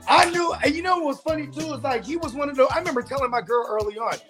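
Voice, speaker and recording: A man's voice: very high-pitched, racing, a bit bright, soft background music. A man co-hosting a podcast, swaggering and swearing freely as he trash-talks in casual chat. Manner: brash, swaggering, cursing freely. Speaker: podcast co-host. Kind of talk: casual profane trash talk.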